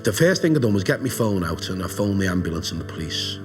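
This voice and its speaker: A man giving a halting, emotional documentary interview as a witness. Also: low-pitched, sing-song, music in the background. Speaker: witness, friend of the family.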